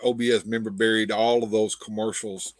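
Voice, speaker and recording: A man with a lowish voice hosts a casual livestream chat. He talks haltingly, repeating words and leaning on fillers. The sound is dry and close, with no room around it. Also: level tone, no echo. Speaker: show host.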